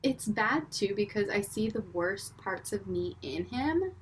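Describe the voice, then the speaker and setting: Animated young mom telling stories. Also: female voice, medium pitch, unhurried, slightly rough. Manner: animated storytelling, acting out her son and herself. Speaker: podcast co-host, mother of a five-year-old. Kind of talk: casual chat.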